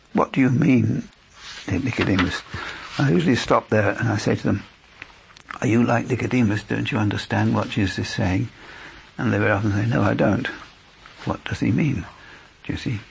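Lay preacher, male, low gravelly voice, earnest storyteller who plays out both sides of a conversation. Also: a little hiss or hum. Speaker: lay preacher teaching evangelism. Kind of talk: instructional church talk.

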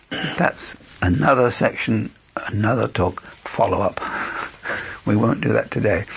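A man's voice: fairly low pitch, gravelly, slightly rough. A man teaching a church group how to share their faith, earnest and anecdotal, acting out both sides of conversations. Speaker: lay preacher teaching evangelism. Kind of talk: instructional church talk.

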